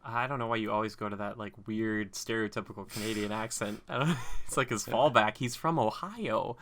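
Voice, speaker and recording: A man's voice: lowish voice, brisk, a bit bright, a little hiss or hum. A man hosting a podcast in casual chat, rambling along with lots of fillers. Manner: rambling, filler-heavy talk. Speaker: podcast host.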